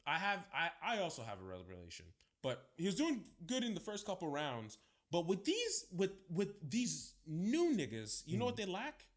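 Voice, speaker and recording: Young co-host from Atlanta with an expressive, up-and-down voice; loose, profane storytelling. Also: male voice, high voice, normal speed. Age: young adult. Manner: animated storytelling, swearing freely. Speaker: podcast co-host. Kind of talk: casual chat.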